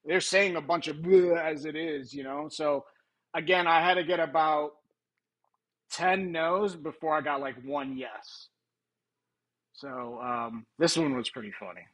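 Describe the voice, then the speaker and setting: A man with a bright, forceful voice hosts a live stream in a loose, casual way. He thinks aloud, swears freely and laughs easily between clips. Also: fairly high pitch, fairly even intonation, unhurried, poor audio.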